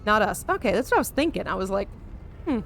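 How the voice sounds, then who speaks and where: A woman's voice: medium pitch, big pitch swings, quick pace, creaky, fairly bright tone, slight background noise. An American woman streaming a game live, reading its text aloud with dramatic emphasis and chatting casually with her viewers, with the odd swear word thrown in. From United States.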